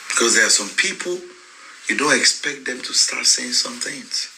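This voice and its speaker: This is another heated live-stream address by a Nigerian-accented man who blends English, Yoruba and pidgin, his emphasis climbing as indignation builds. At a normal pace, his medium-pitched voice sounds expressive, creaky, bright and forceful. The recording is rough, with a little noise behind him.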